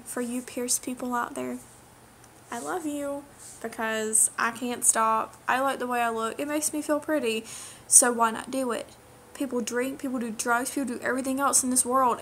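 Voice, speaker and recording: A young woman vlogger rants directly into the camera, indignant and emphatic, lecturing and repeating her key phrases. Her voice is fairly high and a bit bright, with a little hiss or hum on the recording.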